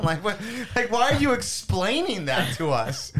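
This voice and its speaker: A man's voice: sits high, moderate pace, few pauses. A young man co-hosting a podcast, ranting in a casual chat with lots of swearing. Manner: animated, swears a lot, annoyed ranting. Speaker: podcast co-host.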